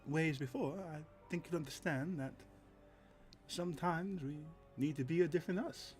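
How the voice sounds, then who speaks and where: A man voicing a smooth, evasive man who deflects questions about his shifting accents, speaking calmly and soothingly. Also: on the high side, normal speed, faint music behind, voice pushed up, natural voice. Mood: smooth, reassuring.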